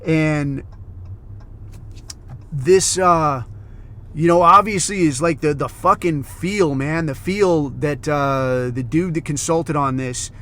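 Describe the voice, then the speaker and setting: Male podcast host, cussing rambler with a slightly raised pitch, loose casual monologue. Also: slow, a bit bright. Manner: profane, rambling storyteller, heavy on fillers.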